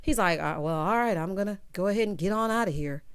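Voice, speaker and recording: A woman's voice: medium pitch, fast, few pauses, smooth. A woman recapping a reality TV episode in a sassy, exclamatory way, often calling people "child" and "honey". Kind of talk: casual episode recap and commentary.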